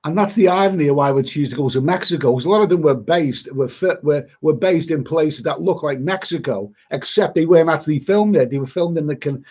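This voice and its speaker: Liverpool guy rambling on his travel stream, blunt and grumbly, kinda husky, muffled lo-fi sound. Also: fairly high pitch, darkish tone. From Liverpool, England. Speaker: travel vlogger. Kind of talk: casual live-stream chat. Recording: dull lo-fi sound.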